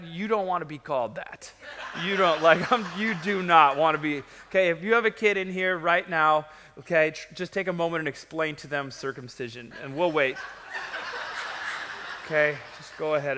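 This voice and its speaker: A man preaching a sermon as pastor, telling a story in an animated way and acting out the quotes. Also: fairly high pitch, normal speed, in a large hall.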